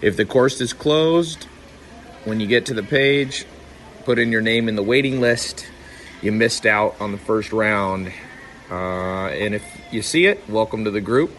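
A man reading a promotional pitch for his own course with an urgent, salesy delivery. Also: a little slow, a bit bright, slight background noise. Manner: urgent salesy delivery, repeating the web address. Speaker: podcast host reading an ad.

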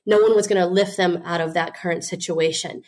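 A woman's voice: on the low side, fairly even intonation, a little fast, darkish tone. Woman, interview guest, earnest storytelling, business owner, frequent "you know" fillers.

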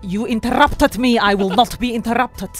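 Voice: mid-range voice, moderate pace, fairly bright tone, faint music behind, close to an everyday voice. A person playing a touchy foreign correspondent, stammering and defensive.

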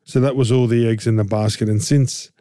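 An Australian man co-hosting a casual sports chat, animated and jokey, rambling through his points with restarts and rhetorical questions. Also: medium pitch, a little fast, no echo, studio quality. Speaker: co-host and game commentator.

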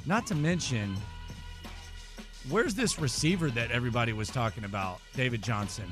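A man co-hosting a sports talk radio show, ranting with animated exasperation. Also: mid-range voice, normal speed, over music.

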